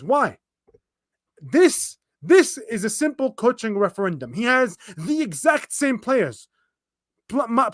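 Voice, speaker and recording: A high-pitched young man hosts a football watchalong, venting his frustration in rapid, stumbling bursts full of restarts and curses. The sound is dry and close, with no room around it. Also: a bit bright, no echo. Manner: exasperated, fast ranting with frequent restarts and swearing. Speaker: fan commentator reacting to a live match. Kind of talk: livestream watchalong rant.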